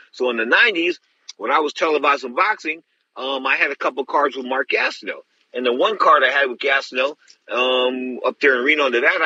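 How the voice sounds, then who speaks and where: A man's voice: fairly high pitch, sharp tone, muffled recording, a little hiss or hum. A middle-aged man hosting a show, telling stories bluntly and rambling with many restarts. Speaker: host. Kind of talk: casual storytelling.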